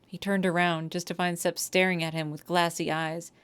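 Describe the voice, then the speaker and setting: A woman's voice: lowish voice, flat delivery, moderate pace, a bit bright, clear, resonant tone. A woman with a New York accent, streaming a game, reading its text aloud and reacting emotionally, swearing freely.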